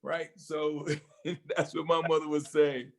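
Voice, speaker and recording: A man's voice: fairly high pitch, flat delivery, a little slow, vocal fry, poor audio. An older man in casual talk show conversation, speaking reflectively and hesitantly with many fillers.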